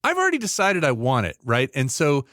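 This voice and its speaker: A man co-hosting a podcast in casual chat, rambling and animated with many restarts. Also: mid-range voice, brisk, no room sound, clean studio sound. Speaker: podcast co-host.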